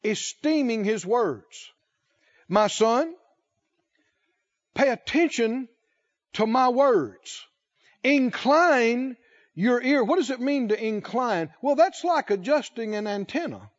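High-voiced guy preaching real slow, stretching words out, kinda muffled lo-fi recording. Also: expressive. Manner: slow, emphatic delivery, drawing out key words and asking the congregation questions. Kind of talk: sermon.

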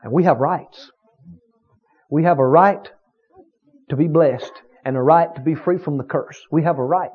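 A man preaching a fervent sermon, repeating short phrases and building to shouts before dropping low. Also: normal speed, pauses often, husky, phone-quality sound.

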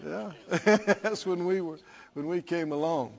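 A man's voice: sits high, measured pace, creaky, lo-fi sound. A man preaching a sermon, reading scripture and repeating questions to his listeners with rising fervor.

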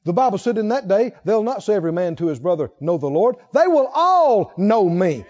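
A man preaching a sermon, telling a personal story that swings between hushed asides and emphatic points. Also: high-pitched, big pitch swings, fairly quick. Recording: dull lo-fi sound.

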